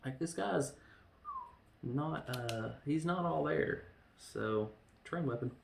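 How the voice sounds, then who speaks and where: A man with a gravelly, creaky voice recaps a film in a loose, chatty way, briefly acting out lines of dialogue as he talks. He sounds like he is recording in a roomy, echoey space with a faint hum of ambience behind him. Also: on the high side. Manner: animated retelling with quick acted-out quotes. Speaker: podcast host reviewing films.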